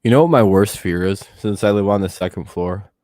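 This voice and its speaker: Chatting casually with viewers on a live stream, a young man rambles, curses often, and laughs between thoughts as he addresses his chat. His slightly low voice is a little mellow and fairly quick. The recording is close and dry, without any room sound.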